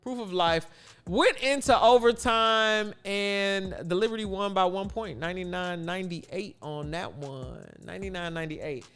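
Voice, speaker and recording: Man, high voice, casual livestream host, reads his chat aloud, faint music behind. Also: moderate pace, a bit bright, clear, resonant tone. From Chicago. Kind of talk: casual sports commentary livestream.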